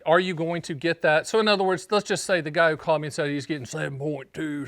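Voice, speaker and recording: A man from North Carolina hosting his own show as an annuity agent, talking straight to camera in an energetic, joking, emphatic way. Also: sits high, dry recording, clean studio sound. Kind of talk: casual direct-to-camera explainer.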